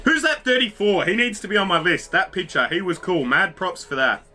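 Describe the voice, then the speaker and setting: A man hosts a reaction video, with a high, very bright and cutting voice. He is excitable, swears freely and talks straight at the screen, with faint music under him. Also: brisk. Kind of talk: casual reaction commentary.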